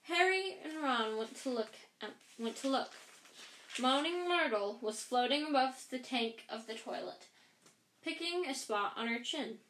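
Woman, audiobook reading, fairly high voice, relaxed, echoey room. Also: unhurried, a little hiss or hum. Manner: relaxed read with self-corrections. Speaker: reader. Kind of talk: audiobook narration.

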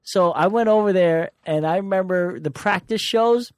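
A man's voice: sits high, moderate pace, no echo. A young man, a comedian, telling stories in a casual chat in a dry, sarcastic way with a lot of swearing. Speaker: comedian guest.

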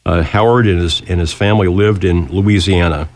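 A man's voice: low voice, steady tone, normal speed. A man hosting an interview, chatty and fond of telling stories. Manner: chatty storyteller. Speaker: radio host. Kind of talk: interview talk.

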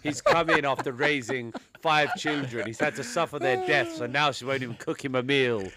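A man's voice: mid-range voice, moderate pace, a crowd in the background. A man co-hosting a casual film review chat, emphatic and repeating phrases for stress. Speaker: podcast co-host.

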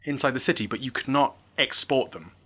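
Man, podcast co-host, history explainer, rapid speech, crisp bright tone. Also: mid-range voice, lively intonation. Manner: explanatory, spells out terms. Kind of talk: casual chat.

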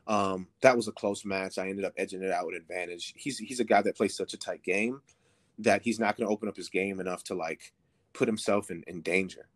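A man's voice: low voice, brisk. A man in his thirties, a podcast guest, telling a story casually with lots of swearing and fillers. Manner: profane, rambling, filler-heavy.

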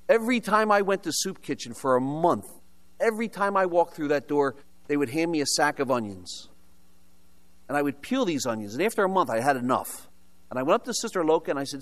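An older American man preaching a sermon, telling his own story with humorous asides and rhetorical questions. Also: a little high. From United States. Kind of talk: sermon with personal testimony.

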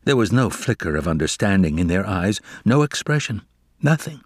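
A man reading a children's novel aloud as narrator, with expressive, dramatic storytelling. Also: on the low side, moderate pace, slightly rough, no room sound, clean studio sound.

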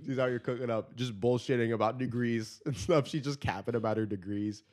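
A man hosting a podcast in casual chat, slangy and profane, laughing often and getting animated when he tells stories, on a studio microphone. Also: medium pitch, a little fast.

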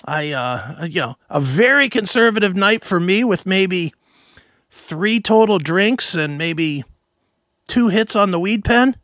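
Animated high-voiced man telling stories. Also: slow, dry recording, clean studio sound. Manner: animated storyteller, mimics voices, swears a lot. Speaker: podcast co-host. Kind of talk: casual chat.

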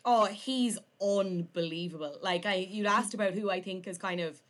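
A woman's voice: mid-range voice, moderate pace. A young woman with an Irish accent, chatting as a podcast guest, her talk full of "like" fillers. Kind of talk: casual chat.

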